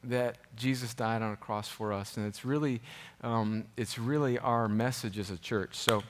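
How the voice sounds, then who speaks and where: A man preaching to his church, talking in a loose, self-deprecating way with many fillers and restarts, and turning soft and earnest when he prays. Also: medium pitch, fairly even intonation, normal speed. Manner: turns soft and earnest in prayer. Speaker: pastor. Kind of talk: sermon.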